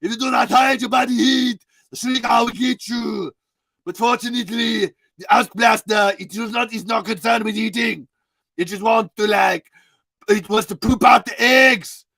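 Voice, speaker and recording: A man's voice: extremely high pitch, normal speed, creaky, bright, forceful tone, no echo, voice pushed up, heavily acted. A man voicing a strict male teacher with a mock Russian accent, barking warnings at a class of children about monsters. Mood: stern.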